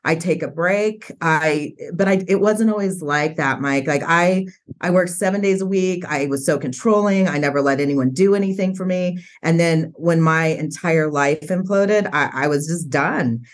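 A woman's voice: deep voice, normal speed. A middle-aged woman, a real estate agent and author, telling candid stories in an interview. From Colorado. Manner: candid, animated storyteller. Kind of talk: storytelling in interview.

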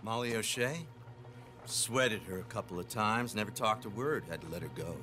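An actor playing a cold, menacing middle-aged detective in a video game, speaking calmly and tauntingly. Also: male voice, fairly low pitch, moderate pace, natural voice. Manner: calm, taunting, smug. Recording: game soundtrack music behind.

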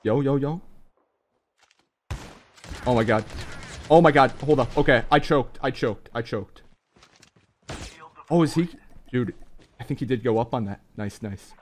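A young man giving excitable, slangy live commentary on a mobile shooter game to his viewers, breaking into sudden high yelps. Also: a little slow, pauses often, a little hiss or hum.

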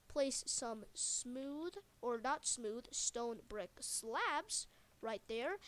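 High-voiced woman rambling through a tutorial. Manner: rambling, jokey, many fillers and self-corrections. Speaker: video game tutorial maker. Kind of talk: casual game tutorial narration.

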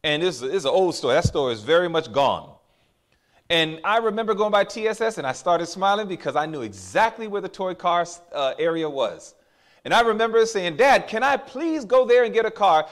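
A man's voice: fairly high pitch, animated, fairly bright tone. A man preaching a sermon to a congregation, emphatic and drawing out key phrases, often asking the crowd to respond. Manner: drawn-out stressed phrases for emphasis.

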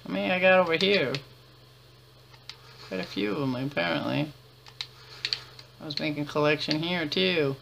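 A woman's voice: sits low, moderate pace, vocal fry, pauses often, noisy background. A woman giving chatty let's-play commentary, laughing often and muttering to herself as she plays. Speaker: gamer.

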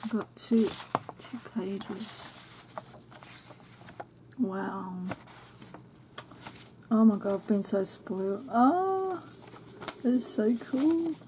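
A woman host of a crafting channel, unboxing a craft swap package and gushing over each item in soft exclamations and whispers. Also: medium pitch, extremely slow, long pauses, slight background noise.

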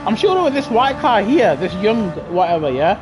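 A young British man chatting excitably to his live chat while playing a racing game on a headset mic. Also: high-pitched, moderate pace, background noise. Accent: British English. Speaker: gaming livestreamer. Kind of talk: casual live gameplay commentary. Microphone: gaming headset.

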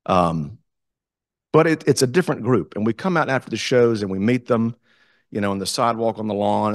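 Southern US man, guest speaker, lively storytelling, low voice, dry close sound. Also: dry recording. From South Carolina, US. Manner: animated, enthusiastic storyteller. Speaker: guest speaker, community theater director. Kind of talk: storytelling talk to a club.

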